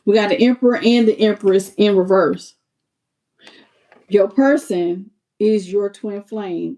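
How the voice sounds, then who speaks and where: Woman tarot reader, live stream, chatty and expressive, middle-pitched, addresses viewers directly. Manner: chatty and expressive, talks to viewers as "y'all" and "baby".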